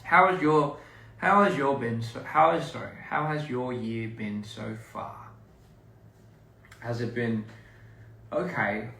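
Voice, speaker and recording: A young man chatting to fans in a relaxed, rambling way, often restarting his sentences. His mid-pitched voice is caught by a phone set back from him in a reverberant room, with a faint hum of ambience behind. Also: slow, vocal fry, long pauses. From Australia. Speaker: performer talking to fans. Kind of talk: casual livestream chat. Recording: roomy, somewhat distant phone audio.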